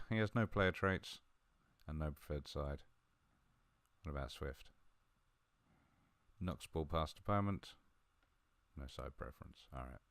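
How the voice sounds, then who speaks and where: Guy mumbling thru his football sim, low voice, dry close mic. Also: clear, resonant tone, dry recording. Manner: chatty, mumbling, bursts of excitement at big moments. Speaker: gaming video host. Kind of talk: live game commentary.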